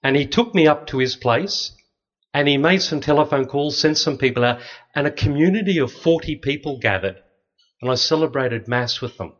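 A middle-aged Australian man, a Catholic priest, giving an anecdotal talk with slides and acting out the voices of people in his stories. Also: mid-range voice. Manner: lively, anecdotal, acts out other people's voices. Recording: dull, slightly lo-fi sound.

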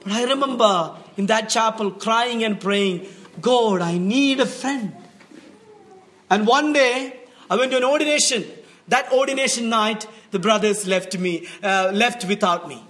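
Man, Indian accent, missionary, faith testimony, heartfelt, very high-pitched, bright. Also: moderate pace. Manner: heartfelt and earnest, often laughing, dropping soft and low in emotional passages. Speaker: missionary religious brother.

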